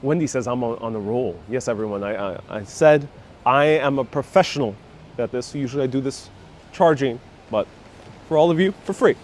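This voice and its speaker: A man's voice: mid-range voice, moderate pace, a little hiss or hum. Joking man hosting a street live stream. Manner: joking, reads viewer comments aloud. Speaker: live-stream city walking-tour host. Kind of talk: casual live-stream chat. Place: city street outdoors. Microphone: phone on gimbal with wireless lapel mic.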